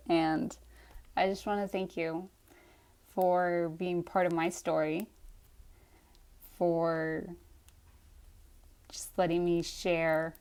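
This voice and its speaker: A woman's voice: fairly low pitch, clean tone. Earnest young woman gushing to her readers. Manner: gushing, earnest, with soft laughs and trailing starts. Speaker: author talking to readers. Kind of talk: heartfelt live stream chat.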